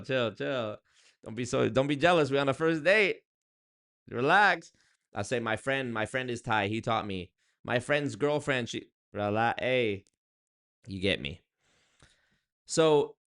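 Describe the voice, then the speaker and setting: Animated sarcastic young man vlogging. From Canada. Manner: animated, sarcastic, jumps to high exclaims. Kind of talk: casual storytelling monologue.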